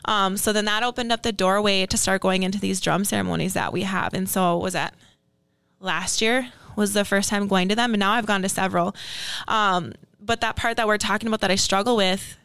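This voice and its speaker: Earnest, smooth-voiced woman guest. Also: mid-range voice, fairly even intonation, brisk, fairly bright tone, no room sound. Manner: earnest, reflective, many "like" and "um" fillers. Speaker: podcast guest. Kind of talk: casual conversational storytelling.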